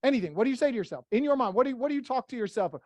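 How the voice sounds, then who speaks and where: A blunt workshop leader with a middle-pitched voice gives a motivational talk, rapidly firing rhetorical questions at the group and swearing casually. The delivery is expressive, and the recording is close and dry with no room sound.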